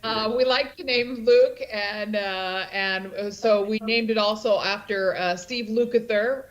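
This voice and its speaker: A woman guest musician chatting casually and warmly about her family and pets. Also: mid-range voice, a little slow, dull audio. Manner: friendly, gushing. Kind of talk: casual chat.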